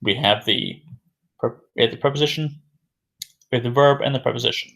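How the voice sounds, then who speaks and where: A man's voice: medium pitch, steady tone, a little fast, a bit bright. A man teaching an English vocabulary lesson who repeats key words and asks questions before answering them himself.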